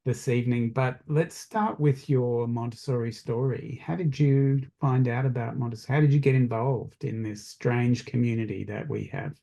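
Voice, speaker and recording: A man's voice: medium pitch, normal speed, vocal fry, hardly any pauses, warm tone. A man hosting an interview, asking curious questions of his guest. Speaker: interview host.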